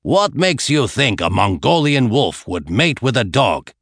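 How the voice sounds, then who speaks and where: A man's voice: medium pitch, very animated, measured pace, a bit bright, no echo, clean studio sound, heavily acted. A man voicing a stern old herdsman in his sixties who talks in a growling, scolding way, in an audiobook. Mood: angry. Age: 60s. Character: stern old male grassland herdsman, gruff.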